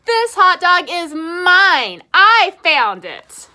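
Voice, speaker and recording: A woman voicing a grumpy, possessive male pigeon from a picture book, loud and indignant. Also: very high-pitched, big pitch swings, very slow, pitched above the performer's own voice, full character voice. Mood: gloating.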